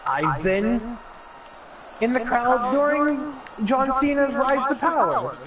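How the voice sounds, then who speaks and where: A man telling a story on a casual podcast, animated and laughing as he goes. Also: extremely high pitch, slow, muffled recording, a loud crowd. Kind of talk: casual chat.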